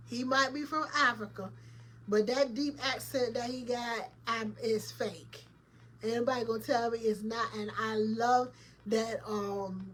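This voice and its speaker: A woman host rattling off opinions in a loose, colloquial commentary, speaking directly to her audience. Her voice sits a little high, and there is faint noise under the recording. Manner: chatty, opinionated, laughs often, addresses viewers directly; colloquial, emphatic. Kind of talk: casual commentary vlog.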